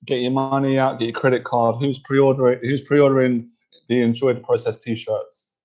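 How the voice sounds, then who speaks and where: A man's voice: medium pitch, flat delivery, normal speed, dull audio. A man hosting a casual livestream, reading viewer comments and cracking up with laughter, sounding tired. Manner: giggly, keeps cracking up laughing. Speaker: livestream host and coach.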